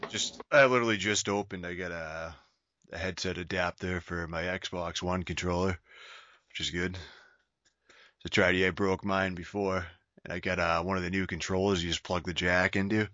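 A man in his thirties hosts a loose podcast in a very low voice that still has a bright, forceful edge. He rambles, swears often and restarts his sentences. The recording is dry, dull and lo-fi. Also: steady tone, moderate pace, dry recording. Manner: crude, profane, rambling with many restarts. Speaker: podcast host. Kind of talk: casual podcast chat.

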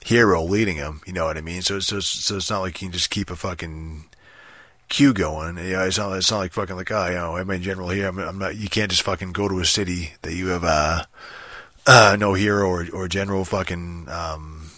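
A man's voice: low-pitched, steady tone, normal speed, bright, forceful tone, dry recording, studio quality. A young man rambling casually about a strategy game, swearing constantly, restarting sentences and filling with ums. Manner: profane, rambling, frequent restarts and fillers.

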